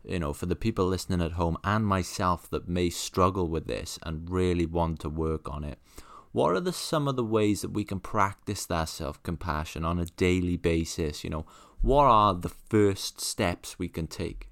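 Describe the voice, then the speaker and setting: A male podcast host with a very deep voice asks his guest questions in an earnest, encouraging way. The recording sounds dry and close. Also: expressive, moderate pace, a bit bright, no room sound. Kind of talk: interview questions.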